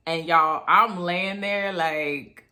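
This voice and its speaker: A woman in her thirties telling a personal story in a chatty, animated vlog style. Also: on the low side, very slow, noisy background. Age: 30s. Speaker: vlogger.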